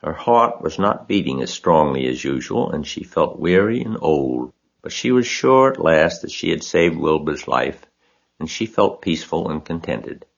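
Male audiobook narrator, deep and steady, lo-fi sound. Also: moderate pace, vocal fry. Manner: steady, expressive reading.

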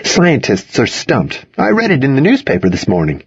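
A man's voice: medium pitch, huge pitch swings, normal speed, husky, lo-fi sound, pitched above the performer's own voice, exaggerated voice. A man voicing a witty, smug teenage boy who talks in a cheerful, wisecracking way.

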